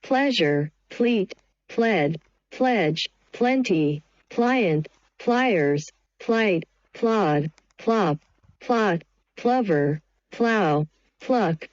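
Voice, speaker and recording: A woman's voice: medium pitch, expressive, drawn-out words, no room sound, dull audio. A woman reading English vocabulary words one at a time, each evenly spaced. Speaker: vocabulary reader. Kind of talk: slow word-list reading.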